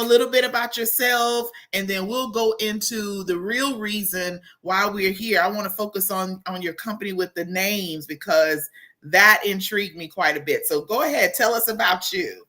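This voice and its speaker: Bright, effusive woman host. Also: mid-range voice, normal speed. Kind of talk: lively talk-show chat.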